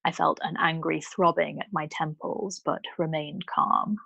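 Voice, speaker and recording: A woman storyteller reading a novel aloud in a calm, measured way. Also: sits low, gravelly, slightly rough, dry recording, dull audio. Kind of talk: bedtime book reading.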